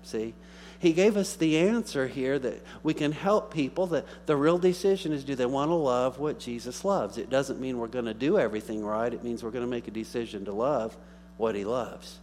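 A male pastor preaching a sermon, rising into emphatic bursts and dropping to quiet asides. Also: mid-range voice, normal speed. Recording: faint mains hum.

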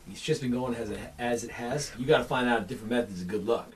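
A man's voice: medium pitch, fast talker, noisy background. A man in crude comedy banter, rambling and stumbling over his words as he jokes.

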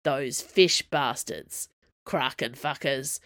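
A woman's voice: extremely low pitch, slow, fairly bright tone, dry recording, clean studio sound, voice pushed down, heavily acted. A woman voicing a sulky teenage girl from a traveling circus, whiny and complaining. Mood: grumbling.

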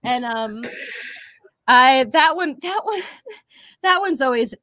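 Young voice actress gal rambling in an interview, lots of likes and ums, highish voice, dry close mic. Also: female voice, lively intonation, slow pace, pushed and bright, dry recording. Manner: bubbly, rambling, lots of fillers and bursts of character voices. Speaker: voice actress and social media creator. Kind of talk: casual interview chat.

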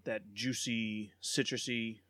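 A man's voice: lowish voice, little pitch movement, slow, pushed and bright, dry recording, studio quality. Easygoing male podcast co-host. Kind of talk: casual podcast banter.

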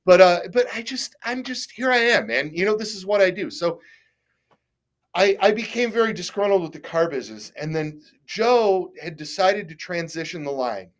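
A man's voice: high-pitched, lively intonation, moderate pace. Rambling middle-aged man telling stories. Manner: rambling, frequent restarts and stammers; candid, self-deprecating, casually swears. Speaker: guest. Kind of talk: casual interview storytelling.

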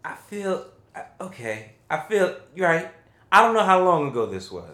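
A man's voice: high-pitched, very animated, normal speed, sharp tone. A man co-hosting a podcast and reviewing a film in casual chat, hesitant, with many fillers and restarts. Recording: roomy echo.

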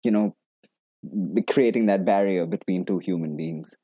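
A man's voice: sits low, moderate pace, dark tone. A man, an actor, chatting casually and animatedly, laughing often and restarting his sentences. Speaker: actor guest. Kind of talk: casual conversation.

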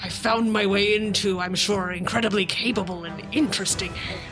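A woman's voice: medium pitch, fairly even intonation, a little fast, over music, lightly acted. A woman voicing a boastful male pirate spirit trapped in a sword, with hammy pirate talk. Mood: grandiose.

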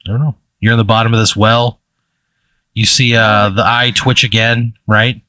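A man narrating a tabletop game as game master, casual and halting, with lots of fillers and restarts. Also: on the low side, flat delivery, pushed and bright.

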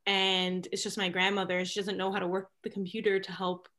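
A woman's voice: mid-range voice, little pitch movement, fairly quick, a bit bright. A young adult woman, a student, speaking earnestly and with sympathy in a casual discussion.

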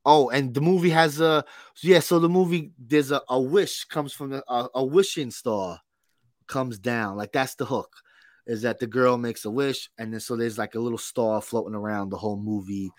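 A man's voice: medium pitch, fairly even intonation, moderate pace, no room sound, studio quality. A man co-hosting a pop culture podcast, chatting casually with lots of fillers and the odd swear word. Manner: rambling, filler-heavy, profane. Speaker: podcast co-host. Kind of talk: casual chat.

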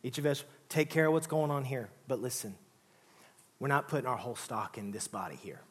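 Speaking a little fast in a husky, mid-range voice, this male pastor delivers a joking, conversational sermon, repeatedly using "listen" and "all right."

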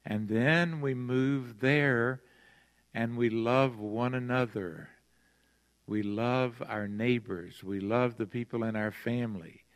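An older man preaching a sermon as pastor, earnest and emphatic, slowing down to stress key phrases. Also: medium pitch, fairly even intonation. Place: large church sanctuary. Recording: long hall reverb from a church sanctuary.

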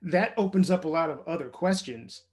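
Curious male host, loud and upbeat. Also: a little high, lively intonation. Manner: quick, curious follow-up questions. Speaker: podcast host. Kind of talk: casual interview.

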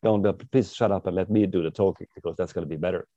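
A man's voice: deep voice, steady tone, rapid-fire, dark tone, no room sound, dull audio. A man, an author and public speaker, talking as a guest in an interview and playfully acting out personality types as he explains them. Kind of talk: interview conversation.

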